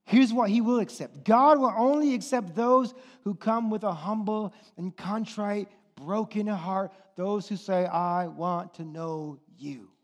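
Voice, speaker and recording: A male pastor preaching a sermon, swinging from hushed, intimate lines to impassioned, near-shouted exhortations. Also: high voice, unhurried, hardly any pauses. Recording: long hall reverb.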